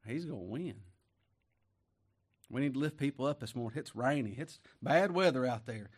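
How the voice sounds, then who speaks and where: A man preaching a sermon, folksy and emphatic, rising to loud declamation when he reads scripture. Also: mid-range voice, lively intonation, normal speed, pauses often, breathy edge.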